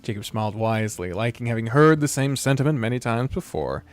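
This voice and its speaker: A man's voice: medium pitch, lively intonation, brisk, faint music behind. A man streaming a story game, reading its narration aloud in a playful manner. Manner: playful, laughs between lines.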